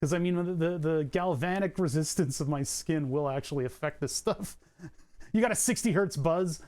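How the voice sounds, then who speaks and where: This young man's voice sits a little high, with a darkish tone and a normal speaking speed. He's streaming from home in a room with acoustic padding, chatting loosely while tinkering, wandering off-topic, fixing his own words, and chuckling at his asides. A condenser mic feeds into a compressor.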